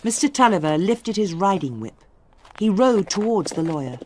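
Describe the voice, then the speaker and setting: A storyteller reading a simple novel aloud for English learners, slowly and with clear spacing. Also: mid-range voice, big pitch swings, slight background noise. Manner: slow, clearly spaced storytelling. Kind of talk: slow graded-reader narration for English learners.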